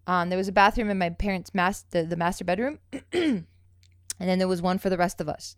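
A woman's voice: lowish voice, brisk, no room sound. Profane, chatty young woman, dry sound. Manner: loose, profane storytelling with many fillers. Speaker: podcast co-host. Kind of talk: casual chat.

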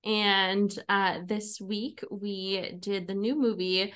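A woman's voice: mid-range voice, fairly even intonation, slow pace, a bit bright. A young woman hosting a podcast, chatting casually with friends and laughing often. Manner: giggly, chatty, many "like"s. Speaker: podcast host. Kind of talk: casual chat.

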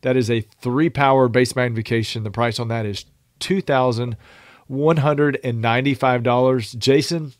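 A man's voice: medium pitch, moderate pace, no echo, clean studio sound. A man co-hosting a podcast, reading a product list methodically in a casual chat. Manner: reads product lists at a steady, methodical pace. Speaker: podcast co-host.

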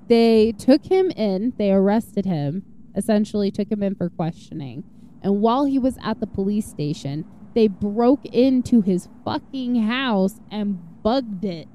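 A woman hosts a true-crime podcast in a loose, profane, sarcastic way. Her voice is very mellow and dark-toned, never sharp. Faint music sits under her voice. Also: mid-range voice. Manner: profane, blunt, sarcastic asides. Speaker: podcast host. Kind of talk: casual true-crime storytelling.

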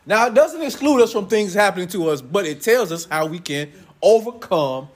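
A young man preaching a sermon to his congregation, loud and playful, joking with them as he goes. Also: high-pitched, animated, normal speed. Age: young adult.

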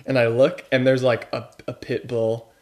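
Young man, podcast co-host, mid-pitched, dry self-deprecating humor. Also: level tone, normal speed. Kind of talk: casual chat.

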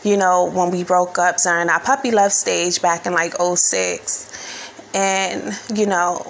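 Gravelly New woman telling stories. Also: fairly low pitch, a bit bright, slight background noise, poor audio. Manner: candid, rambling, heavy on fillers and swearing. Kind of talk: casual storytime vlog.

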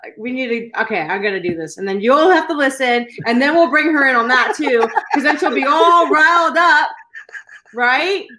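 A high, bright-voiced woman from California co-hosts a casual live stream. She curses freely and tells stories in an excitable, animated way. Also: normal speed. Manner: profane, excitable, animated storytelling. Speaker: co-host of a live stream show.

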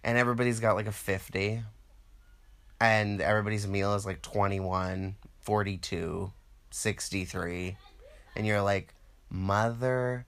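Casting: man, low-pitched, loose and profane, comic rant that acts out other people's lines. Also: measured pace, clear, resonant tone. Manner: rambling, profane, animated quoting of others. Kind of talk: casual comedic monologue.

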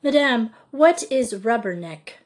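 A woman's voice: a little high, animated, takes it slowly, pitched above the performer's own voice. A woman reading an audiobook, voicing a polite, earnest senior schoolgirl who speaks formally.

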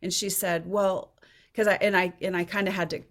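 A woman in her forties speaks as a therapist guest in a podcast interview. Her voice sits a little low, and she talks thoughtfully, often stopping and restarting as she hunts for an example. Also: little pitch movement, brisk.

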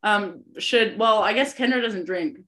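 A woman's voice: medium pitch, measured pace, fairly bright tone. A young woman hosting a podcast in casual chat, rambling with lots of fillers and giggles. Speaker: podcast host.

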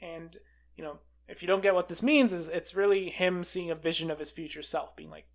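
A film reviewer recapping a movie in a casual, excitable way, full of fillers like "uh" and "like". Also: medium pitch, a little fast, creaky. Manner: chatty and excitable, with many fillers like "uh" and "like".

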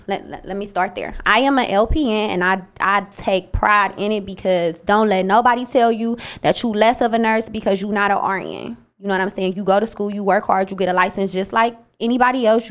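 Blunt, profane woman podcast host. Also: mid-range voice. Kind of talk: casual solo podcast talk.

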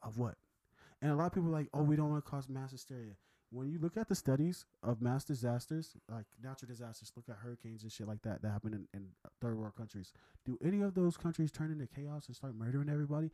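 A man talking fast and heatedly in a casual podcast chat, swearing and repeating himself. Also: mid-range voice, mellow, rough recording. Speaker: podcast co-host.

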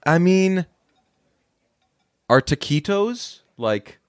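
A man's voice: very slow, clear, resonant tone, no room sound, clean studio sound. A man casually recapping a movie plot on a podcast, acting out the characters' lines in a raised voice. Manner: animated storytelling, acting out quoted lines in a higher voice. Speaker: podcast co-host.

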